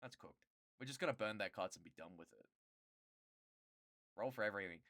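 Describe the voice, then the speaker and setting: A streamer chatting casually with viewers, rambling and swearing, quickly getting worked up and loud. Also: deep voice, lively intonation, no echo, clean studio sound. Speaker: streamer answering chat.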